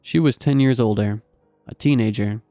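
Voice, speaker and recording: A man's voice: mid-range voice, normal speed, warm tone, no room sound, faint music behind. A man narrating a scary story in a dry, wry storytelling manner. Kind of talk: scripted horror story narration.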